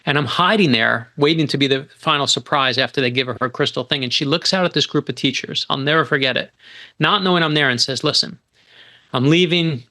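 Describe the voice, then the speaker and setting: Man, middle-aged, from New York, guest author, animated storytelling, tense bright tone. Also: mid-range voice, quick pace. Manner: animated, emphatic storyteller with frequent restarts. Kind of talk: podcast storytelling.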